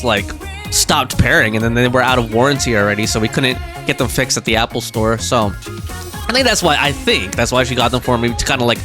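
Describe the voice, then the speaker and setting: A young man streaming a game live, chatting casually and rambling with fillers and restarts. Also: mid-range voice.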